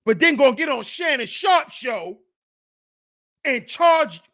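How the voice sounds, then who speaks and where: Man, livestream rant, mocking, scolding, drawn-out delivery. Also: very high voice, big pitch swings, sharp tone. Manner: mocking, scolding, repeats taunts. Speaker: channel host commentator.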